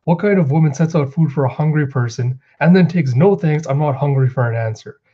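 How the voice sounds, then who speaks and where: A man's voice: medium pitch, brisk, lo-fi sound, natural voice. A man reading out the lines of a kind but stern woman innkeeper in a firm, insistent way, only slightly raising his voice. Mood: scolding.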